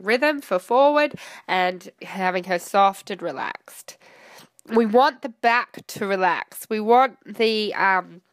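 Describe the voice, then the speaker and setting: A woman's voice: medium pitch, a bit bright, clear, resonant tone, no echo. A woman riding coach talking through a training session in an easygoing explanatory way, with frequent filler words. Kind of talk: instructional commentary.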